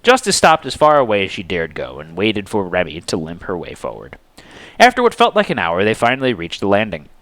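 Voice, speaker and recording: A man narrating a fantasy story aloud in an expressive, animated dramatic reading. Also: lowish voice, brisk, dry recording.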